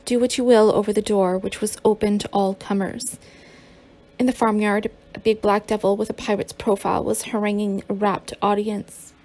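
A woman's voice: medium pitch, flat delivery, moderate pace, a little mellow. A woman narrating a memoir as an audiobook, with occasional stumbles and restarts.

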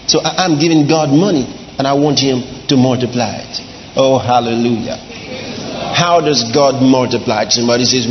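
A male pastor preaching a sermon, dramatic, swinging between soft drawn-out lines and shouts. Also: mid-range voice, slight background noise. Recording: dull lo-fi sound in a large reverberant hall.

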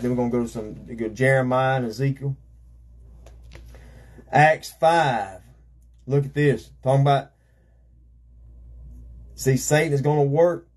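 A male evangelist preaches with fervent conviction, dropping in amens and praise Gods as he presses his point. His voice sits a little high and has a husky edge. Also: a little mellow. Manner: fervent, repetitive, calls out amen and praise God. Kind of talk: sermon.

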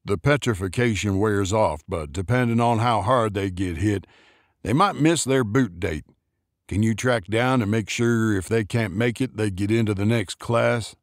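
Man voicing a gruff older man, low, curt orders, dry sound. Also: normal speed, no echo, natural voice.

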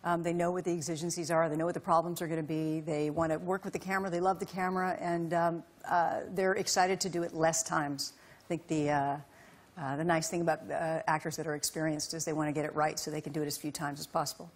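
A woman guesting on a talk show, speaking thoughtfully and wryly with many filler pauses. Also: deep voice, little pitch movement. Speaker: director and actor guest.

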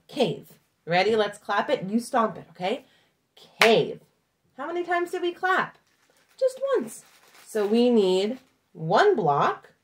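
A woman teaching a children's lesson, talking patiently in a sing-song teacher voice to young kids. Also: mid-range voice.

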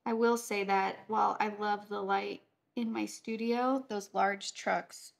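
A woman's voice: mid-range voice, steady tone, a little slow, vocal fry. A woman, teaching a watercolor painting tutorial in her home studio and chatting casually as she works. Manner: chatty, easily distracted while painting. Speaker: watercolor instructor.

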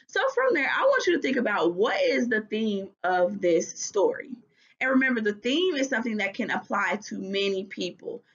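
A woman's voice: medium pitch, sing-song, normal speed. A woman teacher giving a recorded reading lesson, patiently asking guiding questions. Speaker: third grade teacher. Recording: dull lo-fi recording.

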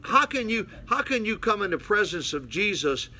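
A man's voice: high-pitched, big pitch swings, moderate pace, pushed and bright. An older man, a pastor, preaching bluntly to a small mission congregation and calling out to his listeners. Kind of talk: folksy preaching Bible study.

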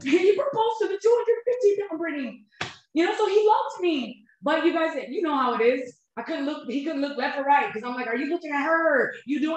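Echoey, heartfelt woman host. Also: high-pitched. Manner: animated, heartfelt, addresses viewers as "you guys". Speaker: host of a couples health channel. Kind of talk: emotional personal talk to viewers. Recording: very echoey room.

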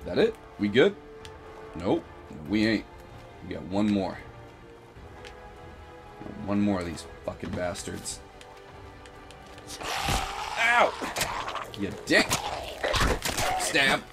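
A sick-voiced man narrates his gameplay in a gravelly, slow drawl, breaking into squealing high-pitched battle cries and curses. His pitch swings wildly from low grumbles to shrieks. Game music plays clearly behind him. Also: wildly swooping pitch. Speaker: gaming video host. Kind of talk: casual gameplay commentary.

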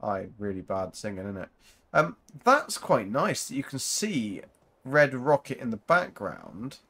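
Very animated, this gaming channel host speaks at a measured pace with a medium pitch and sharp tone. He chats and rambles casually to viewers as he plays, offering relaxed commentary.

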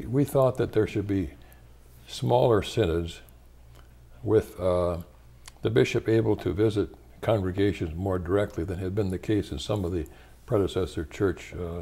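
An older American man, a retired church leader, answers interview questions in a measured, thoughtful way, pausing often and restarting his sentences. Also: low voice, warm tone, slightly rough. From United States.

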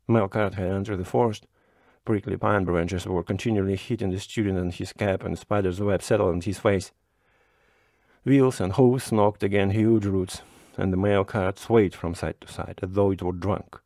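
A man with a low voice reads a classic short story aloud at a measured pace. His delivery is steady and expressive as he narrates the scenes. The recording is close and dry, with no room sound. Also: dry recording. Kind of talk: audiobook narration.

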